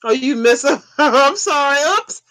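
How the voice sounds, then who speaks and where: Relaxed and easygoing, a forty-something host chats on a livestream, laughing lightly and tossing off brief, repeated responses. They speak a little slowly in a high voice. No room echo is audible; the sound is dry and close.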